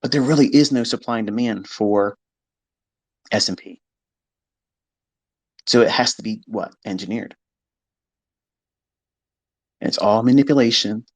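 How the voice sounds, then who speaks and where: A man's voice: on the low side, measured pace, pauses often, husky. A man talking to listeners on a live audio stream, blunt and emphatic, swearing freely and mimicking his skeptics. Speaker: trading educator hosting a live audio space. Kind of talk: casual monologue to listeners.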